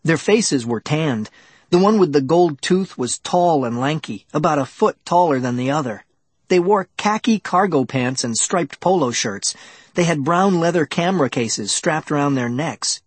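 A man narrating a children's adventure audiobook in the first person, with lively, dramatic storytelling. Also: fairly high pitch, moderate pace, breathy edge, no echo.

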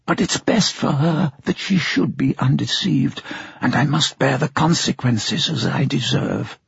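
A man reading an audiobook, voicing a timid little old father who is gentle, anxious and remorseful. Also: mid-range voice, measured pace, creaky, slightly rough, dry recording, full character voice. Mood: pleading. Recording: dull lo-fi sound.

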